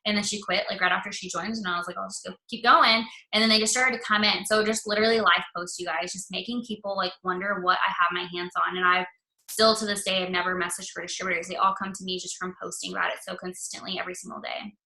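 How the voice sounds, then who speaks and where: Quick excited woman guest, bright voice, says y'all a lot. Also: on the low side, low-quality recording. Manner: excited, storytelling, says "y'all" and "you guys". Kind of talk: casual motivational chat.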